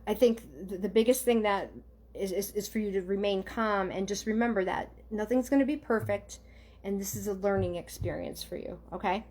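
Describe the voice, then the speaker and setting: Gentle halting woman giving a live reading. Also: medium pitch. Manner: halting, gentle, addresses viewers directly with many ums and okays. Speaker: psychic medium. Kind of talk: live online reading for viewers.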